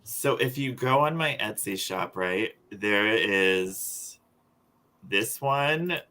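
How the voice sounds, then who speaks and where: A man's voice: lowish voice, animated, takes it slowly, pushed and bright. A man, the guest artist, chatting on a video call and acting out quoted reactions as he tells a story. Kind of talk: casual video call chat.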